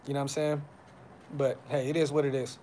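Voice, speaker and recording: A man's voice: mid-range voice, flat delivery, brisk, dark tone, a little hiss or hum. Slangy frustrated fan podcaster, a man. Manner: frustrated, blunt, slangy, repeats himself. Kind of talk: casual live-stream reaction chat. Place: brother's house.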